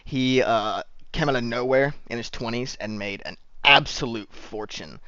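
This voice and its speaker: A man's voice: mid-range voice, moderate pace, bright, forceful tone, dry recording. A man running a tabletop role-playing game as dungeon master, talking casually with many fillers and joking swears. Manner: rambling, filler-heavy, swears when joking. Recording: dull lo-fi dry sound.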